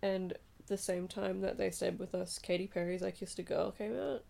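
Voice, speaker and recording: A young Australian woman co-hosting a podcast late at night, sleepy and relaxed as she chats and swears. Her voice sits low with a gravelly, fried edge and a dark, mellow tone. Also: moderate pace. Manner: relaxed, chatty, swears and giggles. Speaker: podcast co-host. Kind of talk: casual chat.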